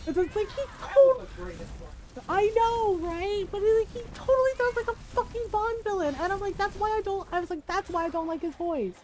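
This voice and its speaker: A woman's voice: extremely high pitch, brisk, hardly any pauses, darkish tone, rough recording. A woman chatting casually while streaming a game, laughing often and acting out bits. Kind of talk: casual gaming stream chat.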